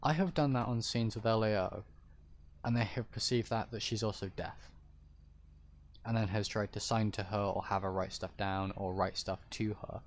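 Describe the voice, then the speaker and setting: With a steady tone and moderate pace, a roleplay streamer talks casually to his audience in a deep-ish, fairly low voice. He explains things hesitantly and ramblingly, often halting and restarting, while a faint hiss sits under the audio.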